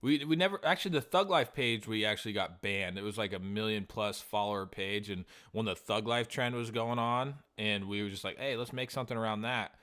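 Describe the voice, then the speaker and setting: A man's voice: lowish voice, a little fast, hardly any pauses, fairly bright tone. A man co-hosting a podcast, chatting casually, rambling, swearing often and acting out old conversations. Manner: rambling, swears a lot, acts out past conversations. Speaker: podcast co-host. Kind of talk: casual chat.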